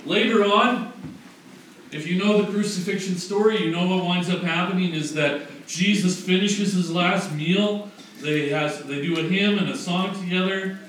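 A man's voice: high voice, moderate pace, fairly bright tone. A man preaching a conversational sermon, correcting himself as he goes and building to emphatic rhetorical questions. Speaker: pastor. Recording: very echoey room, distant mic, faint noise.

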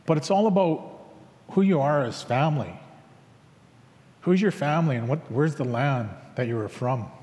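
Halting storytelling man in reverberant space. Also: medium pitch, lively intonation, darkish tone. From Canada. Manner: reflective, halting with frequent fillers, acts out both sides of dialogue. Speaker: speaker sharing his life story. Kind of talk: personal storytelling talk.

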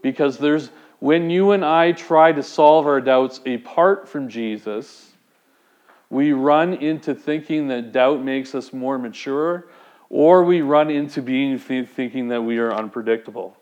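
A man's voice: mid-range voice, a little slow, a little mellow, lo-fi sound. A man preaching a sermon, speaking conversationally and putting direct questions to the congregation. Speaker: pastor.

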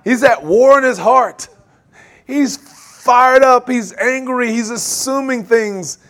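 A man preaching a sermon, animated, laughing often and acting out quoted voices. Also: extremely high pitch, takes it slowly. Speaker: pastor.

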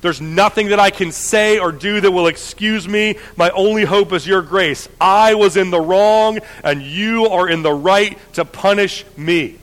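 A man preaching voices a penitent ancient king pleading for mercy, slow, hushed and earnest. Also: sits high, big-room sound, rough recording.

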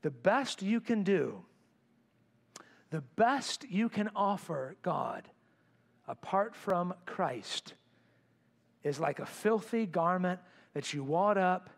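A man preaching a sermon to his congregation in a church, swinging between loud emphatic bursts and quiet, intense lines. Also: a little high, creaky. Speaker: pastor. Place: church sanctuary.

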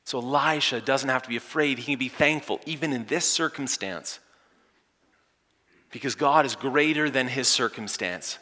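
A male pastor preaching a sermon with great drama, dropping to hushed near-whispers and then rising to loud, emphatic lines. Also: medium pitch, normal speed. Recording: echoey church hall.

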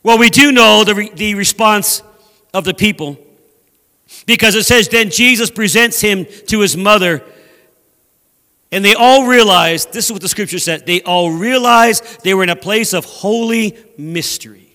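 A man preaching a sermon as a guest speaker in a church, animated and acting out voices from scripture. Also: sits high, moderate pace, big-room sound. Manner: animated, acts out scripture voices, laughs at own jokes. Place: church sanctuary.

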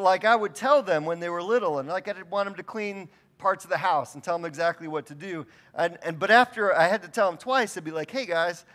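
A man's voice: on the high side, a bit bright. A middle-aged man preaching a sermon, telling stories in a casual, conversational and self-deprecating way. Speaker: pastor.

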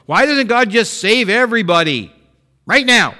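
Pastor, male, slightly high and bright voice, very animated delivery, sermon to a congregation. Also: brisk. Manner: expressive, acts out voiced prayers and complaints.

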